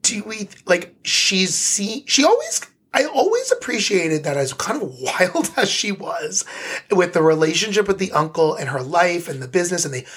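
Man, podcast co-host, husky voice, enthusiastic, restarts often, casual review chat. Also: high voice, very animated, moderate pace, a bit bright. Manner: enthusiastic, thoughtful, many restarts.

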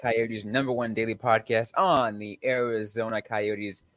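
A man's voice: lowish voice, steady tone, measured pace, fairly bright tone, no room sound. A man hosting a daily hockey podcast, upbeat in his opening and then loose and hesitant in conversation. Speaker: podcast host. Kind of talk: casual sports podcast chat.

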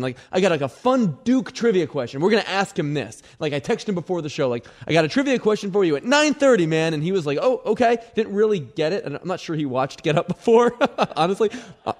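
Male co-host, high and animated, casual and filler-heavy. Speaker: show producer and co-host. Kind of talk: casual chat on a sports talk show.

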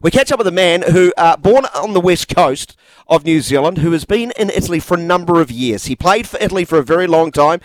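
A man's voice: on the high side, animated, fairly quick, no room sound, poor audio. A man hosting a sports podcast, chatty and friendly, often hedging as he asks his questions. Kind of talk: casual interview.

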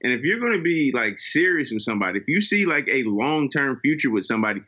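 A man's voice: medium pitch, very animated, fast, sharp tone, highs cut off. A man on a podcast panel, giving his opinion in emphatic, reasoned casual chat.

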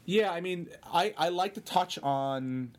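A male comedian telling rambling, animated anecdotes in a casual interview. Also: high voice, a little slow. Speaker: comedian guest.

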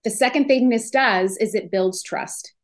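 A woman hosting a podcast, giving an energetic, emphatic motivational talk on business and selling. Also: fairly high pitch, a little slow. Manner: energetic, emphatic, acts out inner voices. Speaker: podcast host.

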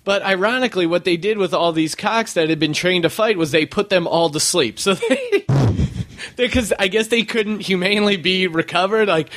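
A man's voice: sits high, very animated, moderate pace, a bit bright. Rambling, laughing podcast host man. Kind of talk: casual chat.

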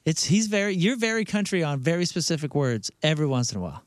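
A man with a Missouri accent, co-hosting a radio show, telling stories in animated, rambling casual banter. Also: fairly high pitch, fast talker, no echo, studio quality. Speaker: radio show co-host and band singer. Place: radio studio.

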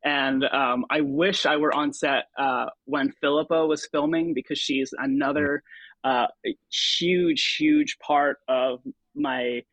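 A man's voice: medium pitch, unhurried, no room sound, low-quality recording. Hesitant man telling stories, dry sound. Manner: hesitant, lots of fillers and restarts, animated when quoting himself. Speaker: interview guest, stage and television performer. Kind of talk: relaxed conversational storytelling.

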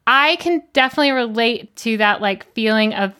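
A woman's voice: fairly high pitch, brisk, bright, forceful tone. A woman co-host chatting in a friendly, relatable way during an interview. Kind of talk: casual interview chat.

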